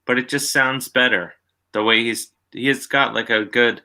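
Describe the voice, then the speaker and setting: A man's voice: medium pitch, steady tone, moderate pace, bright, forceful tone. A man as a guest in a casual chat, rambling and amused.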